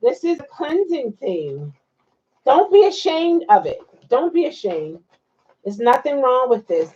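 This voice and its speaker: A woman with a highish, mellow, husky voice, its highs cut off, hosts a casual livestream. She chats and reacts to viewer comments, laughing often.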